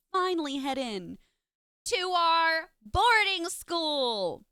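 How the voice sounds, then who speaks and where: A woman's voice: sits high, sharp tone, dry recording, clean studio sound. A young adult woman streaming live, chatting casually and greeting viewers by name in a bubbly way.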